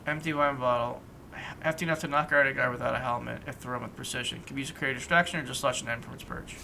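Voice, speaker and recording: A man's voice: medium pitch, steady tone, fast talker, vocal fry, bright, forceful tone, slight background noise. A man hosting a casual let's play, reading game text aloud with playful asides and stumbling over words now and then.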